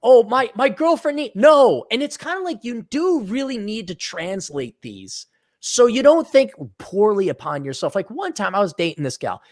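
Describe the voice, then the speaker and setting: A man hosting a casual podcast, giving blunt advice in a lively rant and acting out the voices of the people he quotes. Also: sits high, normal speed. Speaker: podcast host. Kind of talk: casual ranting chat. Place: Twin Cities area, indoors.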